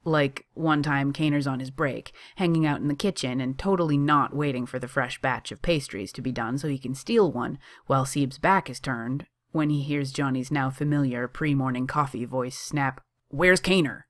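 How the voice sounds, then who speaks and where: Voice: mid-range voice, moderate pace, hardly any pauses. A reader narrating a story in a chatty tone with sarcastic asides. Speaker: audiobook reader.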